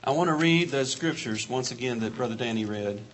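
A man preaching a sermon with passion, repeating his phrases and building to shouts. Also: mid-range voice, fairly quick.

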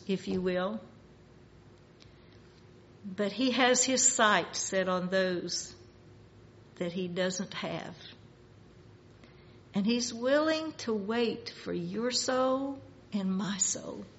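A woman preaching a sermon in a slow, measured way, rising in force for emphasis. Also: mid-range voice, fairly bright tone, lo-fi sound, slight background noise.

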